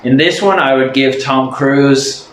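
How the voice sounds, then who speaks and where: A man's voice: medium pitch, measured pace, a bit bright, reverberant, a little hiss or hum, low-quality recording. Easygoing young Irish man. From Ireland. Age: young adult. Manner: easygoing, explanatory. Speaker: reaction video host. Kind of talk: casual chat.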